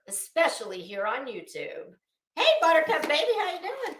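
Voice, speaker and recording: A woman's voice: high voice, wildly swooping pitch, normal speed, fairly bright tone, roomy sound. A woman giving a sassy, exasperated commentary rant to her online audience, drawing out words for emphasis. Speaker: YouTube commentary host.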